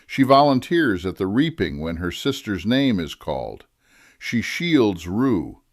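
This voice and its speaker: A man narrating a scripted writing lesson, deliberate and measured, slowing down to stress key phrases. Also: lowish voice, big pitch swings, dry recording, clean studio sound. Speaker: writing teacher.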